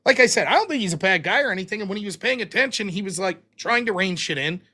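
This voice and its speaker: In casual livestream chat, a man reads out donations and their amounts and responds with dry wit. He's an animated, fast talker whose voice sits high with a sharp edge.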